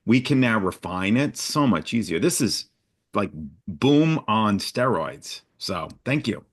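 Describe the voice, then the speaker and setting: A man's voice: on the low side, lively intonation, takes it slowly, breathy edge. A man taking part in an online coaching session, chatting in an enthusiastic, grateful way. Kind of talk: casual chat.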